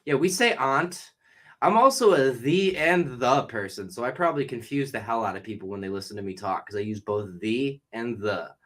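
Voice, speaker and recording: A man's voice: mid-range voice, lively intonation, quick pace, few pauses. A young man from the Boston area hosting a podcast, chatting casually with a guest, joking and rambling and swearing freely. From Boston area, New England. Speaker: podcast host. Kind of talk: casual chat interview.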